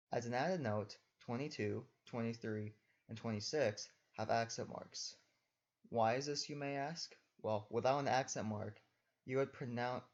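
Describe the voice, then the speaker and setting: A man's voice: on the low side, a little mellow. Young man teaching, dull lo-fi recording. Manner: patient, step-by-step instructing. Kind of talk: recorded lesson voice-over.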